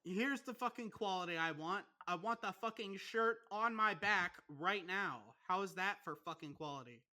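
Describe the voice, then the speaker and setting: Young man, bright voice, casual podcast rant, heavy swearing, animated. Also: high-pitched, normal speed. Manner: swears constantly, ranting, animated. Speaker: podcast co-host.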